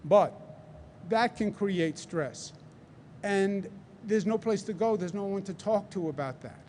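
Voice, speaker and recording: A middle-aged man from New York with a Queens accent, giving a deliberate, emphatic press briefing and repeating his points. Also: high-pitched, darkish tone, a little hiss or hum. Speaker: governor. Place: large convention center hall.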